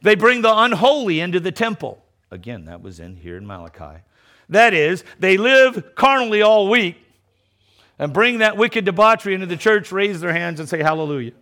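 At normal speed and with big swings in pitch, a middle-aged man preaches emphatically. He alternates between loud declarations and low, mocking asides, frequently repeating words as he begins again.

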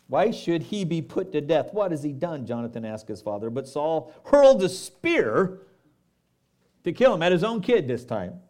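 Animated male pastor preaching. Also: on the high side. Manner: animated, asides to the congregation. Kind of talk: sermon with scripture reading.

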